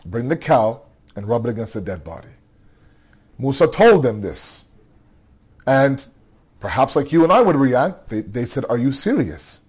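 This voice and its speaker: Tired man, mid-pitch voice, preaching a story in a chatty way, restarts phrases a lot. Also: very animated, measured pace, long pauses, darkish tone, slightly rough. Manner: conversational storytelling, frequent "okay?" check-ins and repeated restarts. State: tired, yawning. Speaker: religious speaker. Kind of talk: nightly religious storytelling talk.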